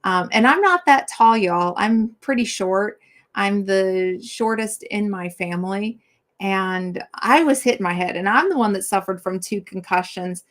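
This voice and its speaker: A woman's voice: mid-range voice, expressive, unhurried, fairly bright tone. A middle-aged woman hosting a casual live-stream chat, rambling and chatty with many fillers as she talks to viewers.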